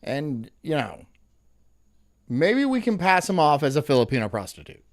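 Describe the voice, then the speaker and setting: A male stream host in casual, rambling commentary, his pitch bouncing freely up and down. He sounds sarcastic and breaks into laughter easily as he reacts to a clip. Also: very animated, moderate pace.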